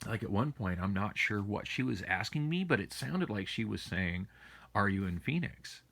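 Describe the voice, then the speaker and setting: Weary low gravelly man. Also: expressive, normal speed, a bit bright, no echo. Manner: weary, complaining, meandering with restarts. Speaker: vlogger. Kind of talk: rambling casual monologue. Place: at home. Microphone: phone camera.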